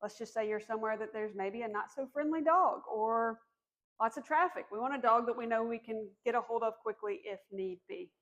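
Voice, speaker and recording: A woman dog trainer calmly explaining commands during a demonstration, encouraging and firm on cues. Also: fairly high pitch, a little fast. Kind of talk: instructional demonstration.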